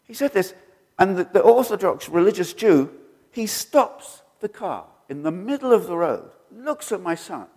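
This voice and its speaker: Animated preacher man in a reverberant hall. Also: normal speed, few pauses, breathy edge. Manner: animated, acts out quoted voices with jumps in pitch. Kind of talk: sermon storytelling.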